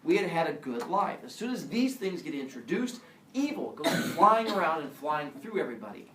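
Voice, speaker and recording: A male teacher telling a myth to his class in an animated way, with a camera across a classroom. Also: on the high side, normal speed, recorded from a distance, a little hiss or hum. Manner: animated, acts out every voice. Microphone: camera across the room. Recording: roomy classroom heard from afar.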